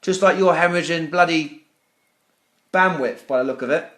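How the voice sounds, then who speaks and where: On a complaint call to customer service, a furious British business owner rants at the agent in a high, strained, fairly bright voice at a moderate pace. He grows sarcastic, swears often, and keeps stumbling over the same words in stammering repetitions.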